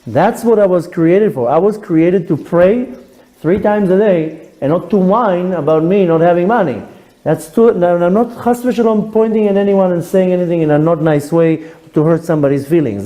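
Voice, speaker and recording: A male rabbi giving a sermon, animated and humorous, acting out voices as he talks. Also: fairly high pitch, poor audio. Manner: animated storyteller, acts out quotes with humor.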